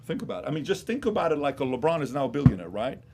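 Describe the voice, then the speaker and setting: A man's voice: mid-range voice, very animated, racing, heavy background noise. Chatty man dropping in. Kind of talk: casual podcast chat.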